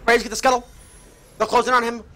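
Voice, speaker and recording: High-pitched man yelling esports play-by-play. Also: fast, background noise. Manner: profane, excitable, yells during fights. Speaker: streamer casting a tournament match. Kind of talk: live esports play-by-play commentary. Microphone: headset. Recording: game music playing behind.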